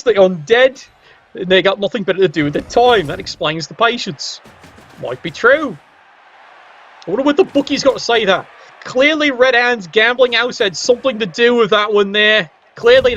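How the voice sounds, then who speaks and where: A wry, joking man calls the action of a fantasy sports game in a light, high voice. He keeps up a casual play-by-play with teasing asides. The recording sounds dull and lo-fi. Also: fairly bright tone. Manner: wry, joking, playfully biased. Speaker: game commentator.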